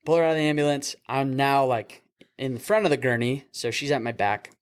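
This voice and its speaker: A man's voice: medium pitch, normal speed, smooth. A young man, a paramedic, casually telling a work story over beers, laughing and acting out the voices of the people in it. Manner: animated, acts out voices in his stories, laughs often. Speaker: paramedic podcast host.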